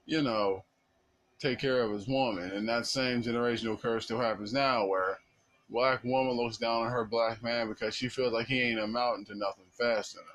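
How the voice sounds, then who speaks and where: A man's voice: mid-range voice, fairly even intonation, moderate pace, a bit bright, rough recording. A man giving an impassioned, blunt monologue in casual speech with slang.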